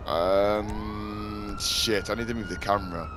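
A man commenting on his own game, flipping between shouted swearing and low muttering to calm himself. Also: takes it slowly, few pauses, background noise. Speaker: gaming streamer. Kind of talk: casual gameplay commentary.

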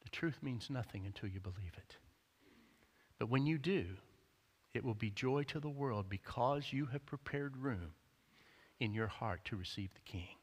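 A man preaching a sermon as pastor. He tells the story with energy, acts out the quotes in character and rises almost to a shout. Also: medium pitch, expressive, normal speed. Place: church sanctuary. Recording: long church-hall reverb.

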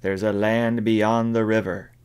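Man reading as a church song leader, slow drawn-out hymn lines, low voice, audiobook. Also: little pitch movement, a little mellow, smooth, natural voice.

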